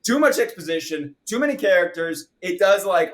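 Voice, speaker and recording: Man, podcast co-host, casual movie chat, animated, ranting, somewhat high voice. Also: moderate pace, noisy background. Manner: animated, ranting, mocking impressions. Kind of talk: casual film review chat.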